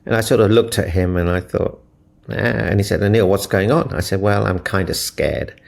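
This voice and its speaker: Deep gravelly man telling inspiring stories. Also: moderate pace. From Africa. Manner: earnest, inspirational, retells dialogue. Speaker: relationship mentor. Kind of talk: storytelling interview answers.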